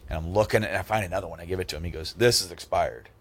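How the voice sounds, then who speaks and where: A man in his thirties hosts a casual podcast, telling stories in a low-pitched voice. He gets animated and acts out each person he quotes, his voice jumping up for the punchlines. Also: very fast. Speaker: podcast host. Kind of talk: casual storytelling chat.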